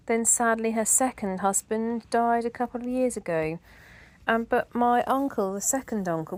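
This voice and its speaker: A middle-aged woman chatting in a rambling way, with asides and laughter, as a decluttering vlogger. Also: a little high. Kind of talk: casual chat.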